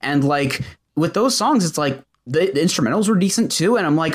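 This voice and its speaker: A man's voice: fairly high pitch, expressive, fairly quick. A man co-hosting a podcast, reviewing an album in rambling casual talk full of restarts and dry jokes. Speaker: podcast co-host.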